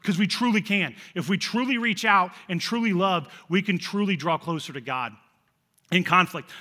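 A man in his thirties, a pastor, delivers a sermon as an animated story. His voice sits high for a man and sounds bright and forward. He repeats words and restarts phrases as he goes. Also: big-room sound. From central Illinois, USA. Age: 30s.

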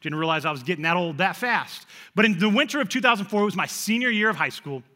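A man, preaching a sermon through a personal story, animated, often repeating words and restarting phrases. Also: sits high, quick pace, big-room sound. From central Illinois, USA. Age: 30s. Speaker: pastor.

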